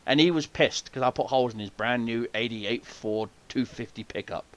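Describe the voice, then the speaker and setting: A man hosting a podcast, telling hunting stories in a casual, profane, animated way and acting out the people he quotes. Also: mid-range voice, moderate pace. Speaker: podcast host. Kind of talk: casual storytelling chat.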